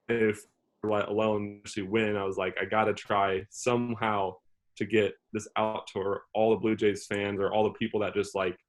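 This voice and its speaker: Young man, lowish voice, rambling casually. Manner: rambling, heavy use of "like" as filler. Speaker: relief pitcher, interview guest. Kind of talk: casual interview talk.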